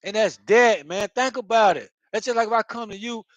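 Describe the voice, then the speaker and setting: A man's voice: sits high, fairly quick, no room sound, poor audio. A man hosting his own channel, giving a casual spiritual talk in a rambling way, full of profanity and street slang. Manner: rambling, profane street slang, constant "you know what I mean". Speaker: channel host.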